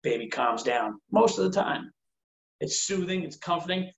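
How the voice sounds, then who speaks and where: A man speaks at a moderate pace in a high, animated voice with vocal fry, chatting casually and rambling earnestly at length. He fills his speech with "like" and acts out quotes, and the recording is roomy and dull.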